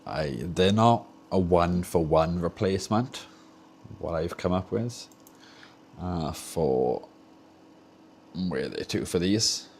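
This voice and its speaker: Welsh man, very deep voice, rambling casual stream chat, faint room hum behind. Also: lively intonation, takes it slowly, gravelly, pauses often, darkish tone. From Wales. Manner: rambling, chatty, self-correcting as he works. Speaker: streamer repairing game controllers. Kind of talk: casual livestream chat while tinkering. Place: home workshop with soldering bench.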